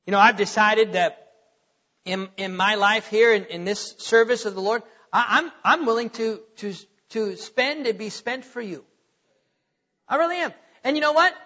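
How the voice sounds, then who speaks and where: High, bright-voiced pastor preaching. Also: male voice, normal speed. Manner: earnest, repeats words, asks the congregation questions. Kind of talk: sermon. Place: church sanctuary. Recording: dull, muffled recording with long hall echo.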